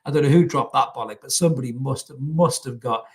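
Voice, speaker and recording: Bloke in his twenties, solo football podcast host, mid-pitched, blunt and sweary with laddish banter. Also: a little fast. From North East England. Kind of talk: casual live-stream football chat.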